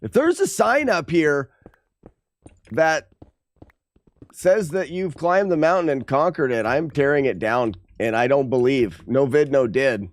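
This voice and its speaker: A man's voice: mid-range voice, lively intonation, a little slow, no room sound. A man streaming a game live, talking to his chat with playful trash talk. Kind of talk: live gameplay commentary to chat.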